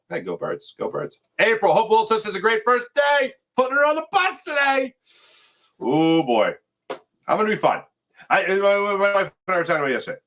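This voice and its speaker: A male sports-talk host on a live morning stream, reading out viewer comments in a loose, conversational way. His voice sits a bit high and moves around a lot, rising and falling as he reacts. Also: vocal fry. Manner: animated, chatty, reads sponsor spots and viewer comments.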